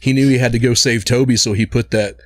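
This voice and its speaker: A man co-hosting a podcast, chatting casually about a movie in a relaxed way and chuckling often. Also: mid-range voice, fast talker, dry recording, clean studio sound. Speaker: podcast co-host. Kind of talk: casual movie review chat.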